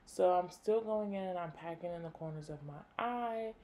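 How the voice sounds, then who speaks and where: A woman's voice: on the low side, normal speed, warm tone, slight background noise. A young woman hosting a makeup tutorial, chatting casually and enthusiastically to viewers, peppering her talk with "like" and the odd swear. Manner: enthusiastic, talks straight to viewers.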